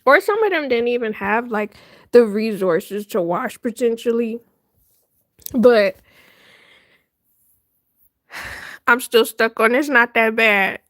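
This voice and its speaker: A woman hosts a casual livestream chat, retelling stories in an animated, dramatic way and breaking into laughter often. Her voice sits a little high and she takes her time with each line. The sound is close and dry. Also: slow, long pauses, dry recording. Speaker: livestream host.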